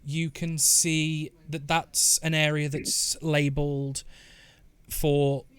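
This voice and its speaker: A man's voice: fairly high pitch, level tone, takes it slowly, fairly bright tone, clean tone, no room sound. Man running a tabletop game. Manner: rambling, casual. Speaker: game master.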